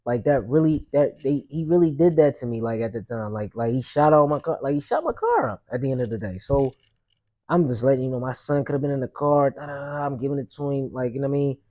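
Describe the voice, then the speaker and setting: A man's voice: mid-range voice, animated, quick pace, mellow. A young adult man, a podcast host, telling a personal story in a loose, rambling way with street slang and lots of fillers. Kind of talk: casual storytelling monologue.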